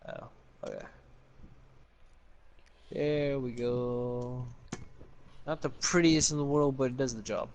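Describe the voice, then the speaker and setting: A man's voice: medium pitch, steady tone, slow, pauses often, a little mellow, slight background noise. A man hosting a Minecraft video, chatting casually and teasing his partner with jokes and swearing. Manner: teasing, profane, joking. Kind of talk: casual gameplay chat.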